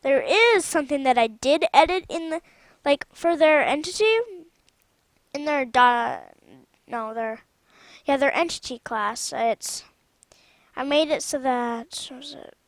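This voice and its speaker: A woman with a high voice talks slowly and loosely through gameplay commentary on a mod she built. She rambles and often stops mid-sentence to correct herself. The sound is dry and close, with no room echo. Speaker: channel host showing her own game mod.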